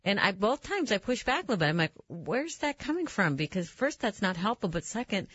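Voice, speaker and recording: A woman's voice: mid-range voice, big pitch swings, quick pace, fairly bright tone, husky, no room sound. A woman hosting a radio interview, asking probing questions and reacting thoughtfully. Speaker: radio show host. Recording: dull dry lo-fi radio sound.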